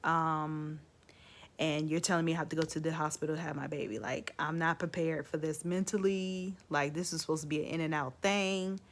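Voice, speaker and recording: Woman, low voice, casual vlog storytelling, chatty, filler-heavy. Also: steady tone, a little fast. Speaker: vlogger telling her birth story.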